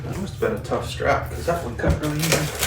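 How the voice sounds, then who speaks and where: A man's voice: on the high side, fast talker. A man hosting a home project video, chatting casually and joking while he assembles something. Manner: joking, offhand commentary. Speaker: channel host. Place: garage or home room. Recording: echoey room, mic at a distance, noisy.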